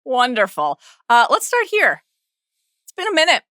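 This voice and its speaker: Chatty woman cohost, bright voice, laughs a lot, goes up and down a ton. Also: high-pitched, huge pitch swings, moderate pace, no room sound, studio quality. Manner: chatty, playful, laughs often. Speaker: podcast co-host. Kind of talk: casual chat.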